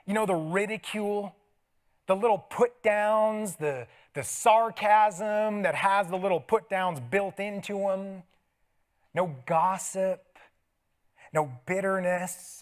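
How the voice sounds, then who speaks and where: A middle-aged man preaching a sermon as pastor, telling stories with laughs and dropping to soft asides. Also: fairly high pitch. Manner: animated storytelling with laughs and sudden soft asides. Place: church sanctuary.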